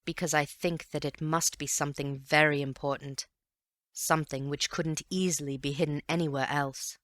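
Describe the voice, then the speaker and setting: A woman doing a grave gentleman sleuth. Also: low-pitched, fairly even intonation, dry recording, studio quality. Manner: grave, measured, earnest. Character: calm, thoughtful gentleman detective.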